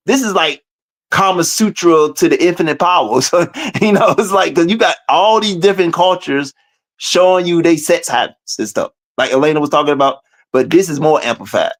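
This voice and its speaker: A man talking as a guest in casual, animated chat, full of cursing, laughs and quick asides. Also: high voice.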